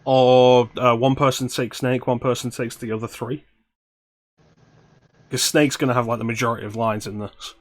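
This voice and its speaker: A man's voice: mid-range voice, level tone, normal speed. A man co-hosting a casual streamed chat, wry and joking as he plans a script reading. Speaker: podcast co-host.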